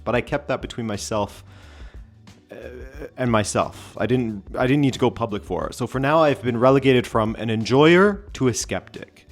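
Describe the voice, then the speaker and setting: A man hosting a casual football vlog, talking in a rambling, stream-of-consciousness way with wry, opinionated asides. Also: mid-range voice. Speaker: football channel host.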